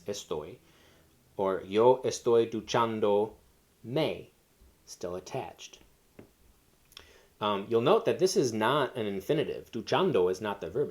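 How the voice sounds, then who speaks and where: A man's voice: fairly low pitch, a little mellow. A man teaching a Spanish lesson, explaining step by step with fillers and self-corrections. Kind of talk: recorded classroom lesson.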